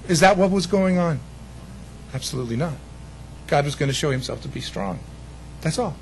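A man preaching a sermon as pastor, animated, acting out other people's voices with self-deprecating humor. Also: on the high side, moderate pace, creaky, long pauses, breathy edge, low-quality recording.

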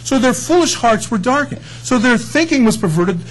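A man's voice: very high-pitched, expressive, normal speed, a bit bright, rough recording. A man preaching a sermon, emphatic and folksy, often asking his listeners questions.

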